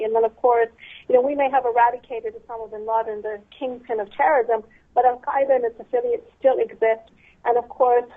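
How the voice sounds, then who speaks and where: A woman in her thirties from Texas with a light Southern accent, a guest expert speaking in an articulate, measured way on a phone interview. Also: on the high side. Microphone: telephone. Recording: tinny phone line.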